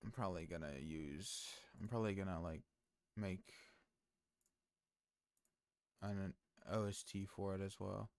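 A man's voice: low-pitched, fairly even intonation, moderate pace, vocal fry, dry recording, clean studio sound. A man streaming, chatting casually with his viewers in a rambling way full of fillers and restarts. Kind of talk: casual stream chat, reading chat aloud.

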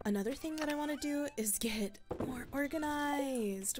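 A woman's voice: high-pitched, moderate pace, few pauses, over music. A woman giving casual gameplay commentary as a let's play creator, rambling and thinking aloud with frequent laughs. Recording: loud mouse and keyboard clicks.

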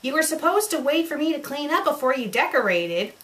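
A woman voicing a cheerful, excitable male cartoon sea sponge, eager and chirpy. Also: high voice, fairly quick, voice pushed up. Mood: worried.

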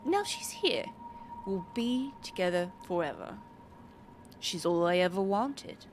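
A woman putting on the voice of an obsessive, lonely man in a lowered, hushed tone while reading a note from a game. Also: expressive, measured pace, slight background noise. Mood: creepy devoted. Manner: hushed, lowered attempt at a man's accent.

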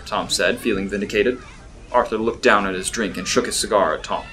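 A man giving measured, scripted narration of a fictional story. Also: on the low side, a bit bright, slight background noise, low-quality recording.

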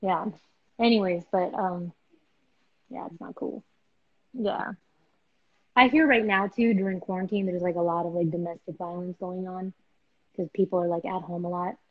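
A woman's voice: lowish voice, steady tone, moderate pace, long pauses. A young woman hosts a casual live chat. She tells her stories animatedly and acts out the voices of the people in them. Her voice sounds somewhat dull and lo-fi over the stream connection. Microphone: video call.

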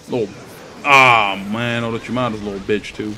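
A man's voice: fairly low pitch, steady tone, moderate pace, sharp tone, slight background noise. Profane trash-talking young man. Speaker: gaming commentator. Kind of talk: live gameplay commentary.

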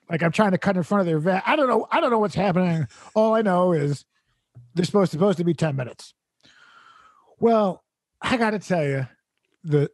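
A man's voice: high-pitched, no echo, clean studio sound. A man hosting a comedy podcast, telling a rambling, exasperated story with laughs mixed into his sentences.

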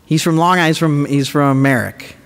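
A man giving a comedic, sarcastic lecture to students as a professor, animated and teasing the audience. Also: on the high side, fairly quick. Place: large lecture auditorium. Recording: echoey hall recording, faint room noise.

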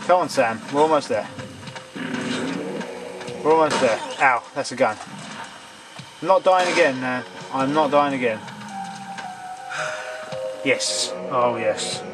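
A man giving gaming commentary, excitable and swearing jokingly at the game. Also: medium pitch, takes it slowly, long pauses, music in the background, poor audio. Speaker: let's play gamer.

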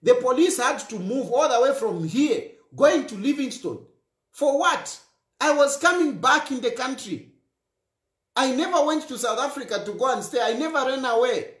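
A man's voice: extremely high pitch, lively intonation, moderate pace, fairly bright tone, roomy sound. Impassioned man, rhetorical questions. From Zambia. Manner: repetitive, rhetorical questions, emphatic. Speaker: politician speaking to camera. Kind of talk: impassioned political commentary.

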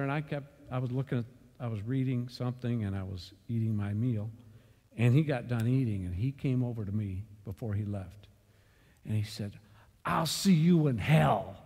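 A man leading a church Bible study, telling a story and then driving home a lesson with sudden loud bursts of emphasis. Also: medium pitch, in a large hall. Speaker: Bible class teacher. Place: church meeting room.

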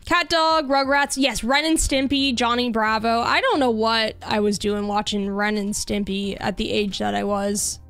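Chatting with her viewers as she games, this young Canadian streamer rambles casually with many fillers. Her voice sits a little high, fairly bright and steady in tone, and she's unhurried. Faint music runs underneath.

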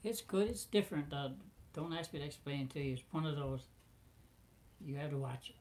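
A man co-hosting a casual chat, giving quick, offhand replies. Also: on the high side, darkish tone. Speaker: co-host.

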